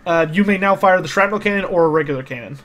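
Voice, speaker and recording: A man's voice: high voice, quick pace, fairly bright tone. A man narrating a tabletop game as game master, explaining the rules patiently with many small hesitations.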